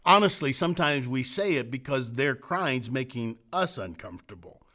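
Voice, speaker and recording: Middle-aged male pastor, sermon delivery, earnest and emphatic, lively swinging pitch. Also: normal speed. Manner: earnest, building emphatic repetitions then dropping to soft hushed phrases. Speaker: senior pastor.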